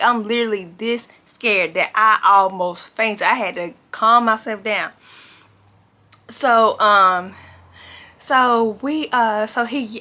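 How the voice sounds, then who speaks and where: Bright, animated young woman telling a story. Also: fairly high pitch. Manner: animated, dramatic retelling with frequent "like" and "baby". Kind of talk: casual storytime to camera.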